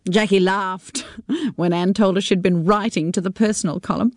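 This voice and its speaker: A woman reading a novel aloud on the radio in a measured storytelling manner. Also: medium pitch, steady tone, no room sound, studio quality. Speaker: narrator.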